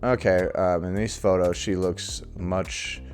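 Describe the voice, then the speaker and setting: Deep-voiced sarcastic male reaction host. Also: steady tone, slow pace, darkish tone, faint music behind. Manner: sarcastic, mocking. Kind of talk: casual reaction commentary.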